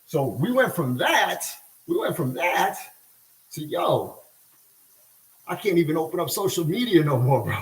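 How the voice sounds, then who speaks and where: A man's voice: on the high side, sing-song, measured pace, long pauses, roomy sound, rough recording. A middle-aged man rambling in casual livestream talk while he cooks, slangy and laughing often. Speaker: livestream host.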